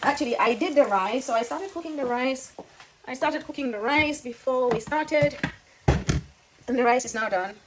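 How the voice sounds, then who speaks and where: A chatty woman talks to camera as she cooks at home, often repeating herself and calling her viewers babe. Her voice sits a little high for a woman. Frying and sizzling are clearly audible behind her. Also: normal speed, background noise. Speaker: cooking vlogger. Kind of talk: casual cooking chat to camera. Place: home kitchen.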